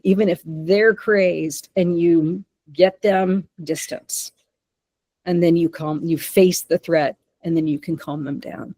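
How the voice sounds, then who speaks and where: A woman leads a webinar on dog behavior, talking fast and lively and jumping into loud acted-out remarks. Her voice is mellow and a little dark. The sound is dry and close. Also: mid-range voice, dry recording. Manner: lively, acts out quoted lines with sudden loud bursts. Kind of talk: webinar presentation.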